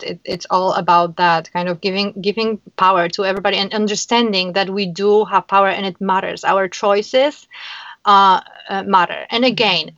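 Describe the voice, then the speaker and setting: A woman's voice: medium pitch, a bit bright, no echo, lo-fi sound. A woman guest in a casual interview, talking earnestly and emotionally, often restarting her sentences. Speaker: guest, founder of a kindness platform.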